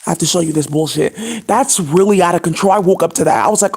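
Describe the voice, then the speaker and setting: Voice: mid-range voice, fast talker, creaky, darkish tone, breathy edge. A channel host speaking in a profane, scattered and indignant monologue to the camera, with many fillers.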